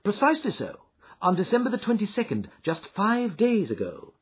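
A man voicing a shrewd, confident detective who lectures in a brisk, precise way, in a dull, muffled recording. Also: sits high, huge pitch swings, husky, voice pushed up, exaggerated voice. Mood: grave. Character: shrewd confident male detective, middle-aged. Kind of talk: audiobook character reading.

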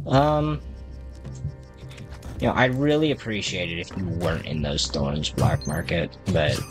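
A man's voice: deep voice, sing-song, moderate pace. A man giving rambling, self-deprecating commentary while playing a video game, chatting to the characters on screen. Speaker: gaming video creator. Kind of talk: casual gameplay commentary. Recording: music playing behind the voice.

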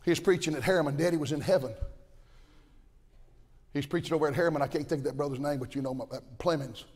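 An older man preaching a fiery sermon, folksy and impassioned, swinging from shouts to low asides. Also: quick pace. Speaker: pastor. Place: large church auditorium at a conference. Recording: long reverb of a big hall.

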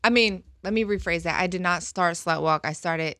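A woman in her thirties talking candidly as an interview guest in a relaxed, casual way. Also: on the low side, normal speed, dry recording, clean studio sound. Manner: candid and relaxed, with fillers and laughs.

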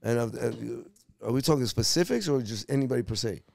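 Gravelly, fast-talking Puerto Rican-born man. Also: mid-range voice, no room sound, studio quality. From Puerto Rico. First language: Spanish. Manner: profane, animated storyteller. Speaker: actor guest. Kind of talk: casual storytelling interview.

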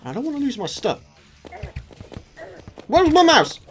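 Young man, let's play commentary, excitable, very lively pitch, repeats himself when tense. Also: normal speed, faint music behind. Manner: excitable, shouts at enemies, lots of repetition. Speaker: gaming YouTuber.

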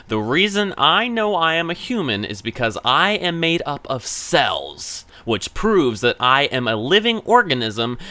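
A man's voice: medium pitch, sharp tone. A man doing gameplay commentary, ranting at a chatbot in profane exasperation.

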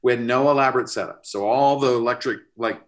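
A middle-aged man, a record producer, telling an animated story in a casual interview. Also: medium pitch, quick pace. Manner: animated, expressive, pushes to sudden bursts. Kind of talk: storytelling anecdote in casual conversation.

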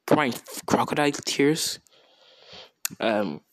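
A man's voice: mid-range voice, slow pace, a bit bright, no room sound. A young man improvising a fan story in a rambling, slangy, casual way with many restarts.

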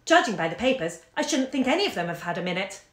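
A woman reading aloud, voicing a calm, pleasant and unfussed wife and mother. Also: mid-range voice, quick pace. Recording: roomy echo.

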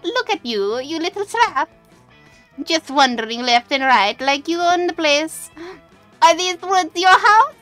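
A woman's voice: very high voice, expressive, a little slow, a bit bright, soft background music, voice pushed up, full character voice. A woman playing a child-eating old witch with a put-on Italian accent. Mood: teasing. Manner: exaggerated, sing-song.

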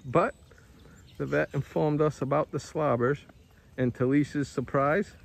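A man's voice: fairly high pitch, fairly even intonation, measured pace, vocal fry. A man chatting casually outdoors on his farm, easygoing and laughing often as he films on a phone. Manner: easygoing, laughs often, speaks animals' thoughts. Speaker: farm owner. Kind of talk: casual farm vlog chat.

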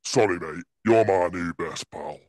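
A man playing a cheeky middle-aged bloke who jokes about his wife, with a gravelly voice. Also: low voice, measured pace, darkish tone, no room sound, clean studio sound. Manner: cheeky banter, playful boasting. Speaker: comedy character guest.

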